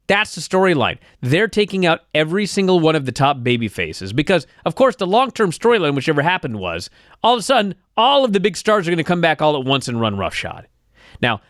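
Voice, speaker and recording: A man co-hosting a podcast speaks in a fairly high, very animated voice, swinging up and down as he gives his opinions. His talk is casual and blunt, with plenty of swearing. The studio sound is dry and close. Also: no room sound. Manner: opinionated, profane wrestling banter. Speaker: podcast co-host. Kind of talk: casual chat.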